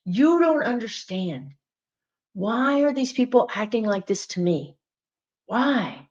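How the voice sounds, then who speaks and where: A woman with a Southern US accent, a spiritual teacher talking casually and emphatically to her viewers, with lively asides. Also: fairly high pitch, measured pace, muffled recording. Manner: animated, emphatic, chatty with frequent asides. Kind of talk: casual direct-to-viewer talk.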